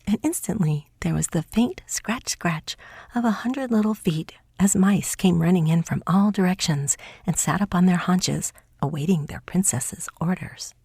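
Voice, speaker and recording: A woman narrating a folk tale audiobook in a soft, hushed, scripted reading. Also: lowish voice, measured pace, vocal fry, husky, dry recording, studio quality.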